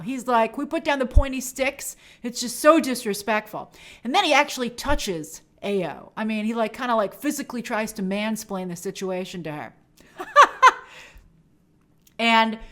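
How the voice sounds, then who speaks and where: Casually dissecting a TV episode, this film and TV review show host is chatty and enthusiastic, occasionally performing the characters' lines. She has a medium-pitched, slightly bright voice.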